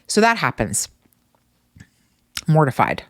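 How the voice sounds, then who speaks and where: Woman, podcast host, lower voice, very expressive pitch, casual storytelling, profane. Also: takes it slowly, dry recording, studio quality. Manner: animated, profane, exasperated storytelling.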